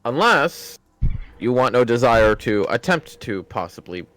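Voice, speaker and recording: A man's voice: medium pitch, very animated, unhurried, fairly bright tone. A man narrating as dungeon master in a casual tabletop game, swearing freely and laughing often between lines.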